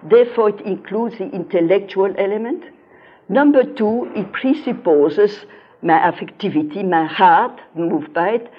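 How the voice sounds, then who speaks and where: A woman's voice: mid-range voice, measured pace, breathy edge. An older woman giving a philosophy lecture, telling stories from her teaching and stressing key words with earnest emphasis. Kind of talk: lecture with personal anecdotes. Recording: dull lo-fi recording.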